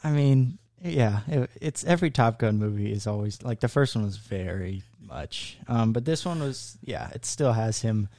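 Laid-back young man, low voice. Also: lively intonation, normal speed, hardly any pauses, warm tone, dry recording, studio quality. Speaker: co-host, son. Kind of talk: casual movie review chat.

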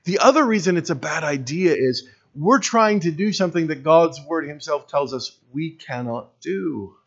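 A man's voice: fairly high pitch, animated, moderate pace. A man preaching a sermon as pastor, earnest and building to emphatic peaks, with wry self-deprecating humor. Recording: dull lo-fi recording.

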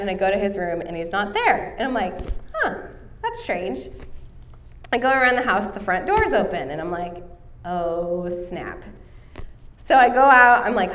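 A woman in her thirties gives an earnest sermon, weaving in a story from her own life. Her voice sits at a middle pitch and is picked up from a little distance away from the microphone. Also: fairly bright tone. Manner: earnest, storytelling, coughing now and then. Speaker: preacher.

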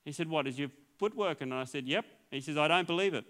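A man's voice: on the high side, fast, a bit bright. A male pastor telling his healing testimony as a sermon, acting out the dialogue in a storytelling way and laughing often.

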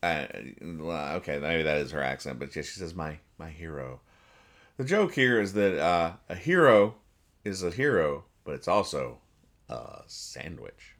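A low-voiced man with a bright, forward tone, reading comic strips on a podcast. He explains each joke in a deadpan, rambling way with lots of fillers and restarts. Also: unhurried. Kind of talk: casual comedic comic reading.

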